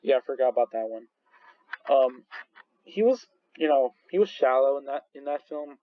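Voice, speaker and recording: Male vlogger, casual rambling movie reviewer, mid pitch, dry slightly muffled recording. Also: expressive, moderate pace, no room sound. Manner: rambling, full of restarts and fillers, laughs often. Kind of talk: casual chat.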